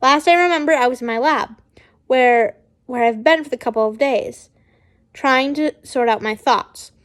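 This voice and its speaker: A woman's voice: high voice, moderate pace. A woman reading fan fiction aloud casually, stumbling and correcting herself often. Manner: stumbling, frequent restarts and self-corrections.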